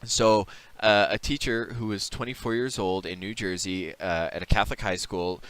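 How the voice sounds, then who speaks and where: A man's voice: fairly low pitch, steady tone, normal speed, crowd noise, poor audio. A man co-hosting a podcast, chatting casually and introducing topics in an easygoing, lightly humorous way. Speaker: podcast co-host.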